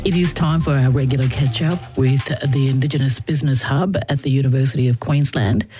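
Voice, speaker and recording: A woman's voice: rumbling low, fairly quick, over music. A woman hosting a radio interview, asking friendly conversational questions. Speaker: radio host.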